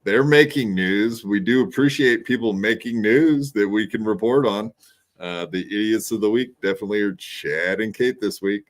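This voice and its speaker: A man's voice: on the low side, normal speed. A man hosting a podcast, chatting bluntly and profanely in casual commentary. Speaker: podcast host.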